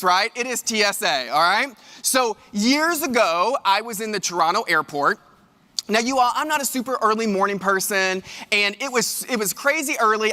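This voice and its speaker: A man giving a motivational keynote, animated and speaking straight to the audience. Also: high-pitched. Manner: animated, addresses the audience directly. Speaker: keynote speaker and leadership coach. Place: large event hall. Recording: reverberant live hall.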